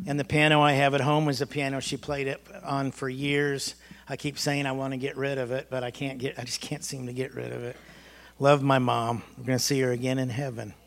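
A man's voice: medium pitch, a bit bright. A man, a pastor, telling folksy stories about his mother during a church service. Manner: folksy, storytelling, chuckling. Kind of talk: personal remembrance in a church service.

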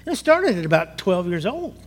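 High-voiced older man preaching in echoing hall. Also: very animated, brisk. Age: 60s. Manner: conversational, rising to emotional outbursts, asks the congregation questions. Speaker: pastor. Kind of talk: sermon with personal testimony. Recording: long hall reverb.

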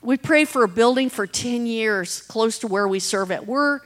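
A middle-aged woman with a fairly high voice speaks earnestly about serving people on the streets. She tells stories in plain, heartfelt words and acts out the voices of the people in them. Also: moderate pace. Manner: earnest, storytelling with quoted voices. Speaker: street ministry leader. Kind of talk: personal testimony talk.

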